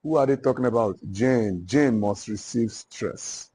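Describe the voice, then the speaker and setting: A man with a Nigerian accent teaching literature to a class, dictating notes and repeating each phrase slowly. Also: mid-range voice, warm tone, a little hiss or hum. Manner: slow, repetitive dictation.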